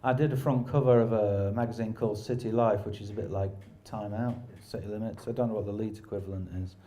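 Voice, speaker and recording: Man, rambling anecdotes, self-deprecating, mellow dark voice. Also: fairly low pitch, fairly even intonation, fast talker. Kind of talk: casual anecdotal chat.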